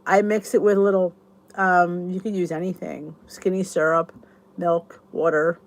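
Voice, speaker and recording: A woman's voice: fairly low pitch, flat delivery, a little slow. A middle-aged woman hosting her channel, chatting casually and enthusiastically to viewers in a rambling way. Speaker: YouTube channel host.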